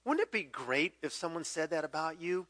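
Bright-voiced man in his fifties preaching. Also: fairly high pitch, lively intonation, normal speed, no room sound. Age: 50s. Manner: conversational, jumps into loud acted quotes then drops to quiet emphasis. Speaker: pastor. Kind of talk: sermon.

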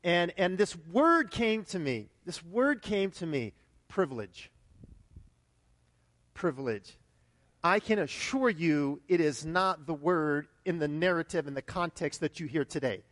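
A male pastor preaching a sermon in an animated way, often repeating his words and acting out highs and lows with exclamations. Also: normal speed, few pauses. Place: church sanctuary. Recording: long hall reverb.

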